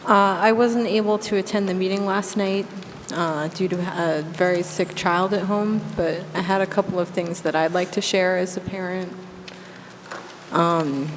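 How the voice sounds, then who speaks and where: At a public meeting in a town meeting room, a woman in her thirties speaks as a school committee member, making an earnest, impassioned appeal. Her voice is lowish, steady and unhurried, recorded in an echoey hall with faint background noise.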